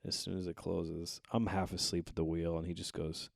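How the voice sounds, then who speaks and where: A man's voice: sits low, moderate pace, gravelly, hardly any pauses, dry recording, studio quality. A young man, a stand-up comedian and guest, telling profane stories in casual chat and acting out the voices in them while hungover. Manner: animated, profane, acts out voices in his stories.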